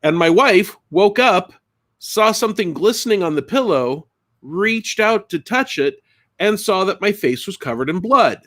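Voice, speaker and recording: A middle-aged man telling a funny story on a casual live stream, animated and acting out the screams. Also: sits high, a little slow. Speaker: co-host and game designer.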